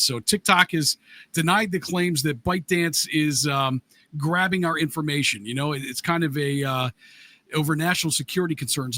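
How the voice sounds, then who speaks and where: A man's voice: a little high, bright, forceful tone. A man co-hosting a podcast, running through the news in an easygoing way with plenty of filler words. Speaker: podcast co-host. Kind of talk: casual news rundown.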